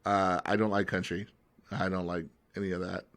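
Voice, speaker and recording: A man co-hosting a podcast in casual chat, telling stories in a halting way with many fillers. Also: sits low, little pitch movement, fairly bright tone. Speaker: podcast co-host.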